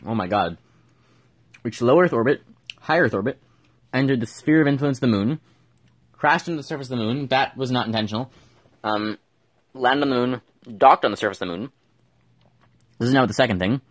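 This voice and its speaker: A man's voice: mid-range voice, brisk, long pauses, dry recording. A man giving casual gameplay commentary, thinking aloud and mumbling with fillers as he plays at home. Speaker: gameplay streamer.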